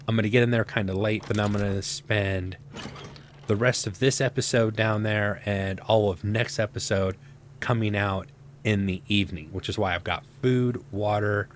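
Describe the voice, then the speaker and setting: A man's voice: lowish voice, steady tone, moderate pace, slight background noise. A man casually commenting on his own survival gameplay, rambling to himself with sarcastic asides. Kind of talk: casual let's-play commentary.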